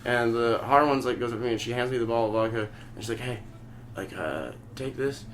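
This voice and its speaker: A man's voice: mid-range voice, level tone, racing, a little hiss or hum. A young man from Oklahoma hosting a podcast, telling a long story in casual chat, rambling and swearing constantly. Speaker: podcast host.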